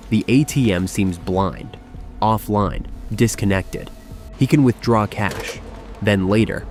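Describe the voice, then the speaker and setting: A man giving scripted documentary narration in a measured, suspenseful storytelling manner. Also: fairly low pitch, darkish tone. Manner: tense, measured storytelling with dramatic pauses. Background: background music.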